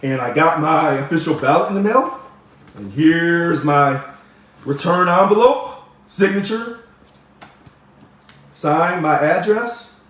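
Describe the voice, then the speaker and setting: A man's voice: fairly high pitch, lively intonation, slow, long pauses, fairly bright tone. A man giving emphatic, preachy political commentary straight to camera while showing his ballot. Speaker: video blogger. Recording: very echoey room.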